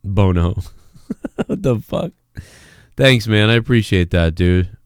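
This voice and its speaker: A man's voice: on the low side, slow pace, smooth, no echo, clean studio sound. Rambling, swearing man hosting a live stream. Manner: rambling, swears freely, reads chat messages aloud. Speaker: live-stream show host. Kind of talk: casual live-stream chat.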